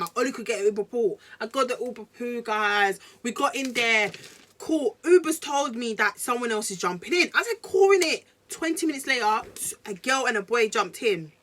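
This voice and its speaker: A young woman, telling a story to camera in casual slang, animated and talking straight to her viewers. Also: on the high side. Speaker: vlogger.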